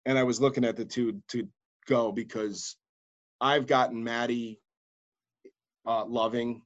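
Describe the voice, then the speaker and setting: A man, a radio DJ and podcast host, telling stories in casual chat, swearing freely and acting out quotes in a louder voice. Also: medium pitch, a little slow, muffled recording. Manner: animated, swearing, acts out quotes loudly.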